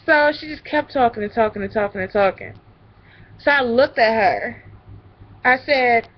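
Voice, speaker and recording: A woman's voice: a little high, moderate pace, highs cut off. A young woman telling rambling stories in a casual vlog, drifting from one tangent to the next. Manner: chatty, rambling, goes off on tangents. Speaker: vlogger.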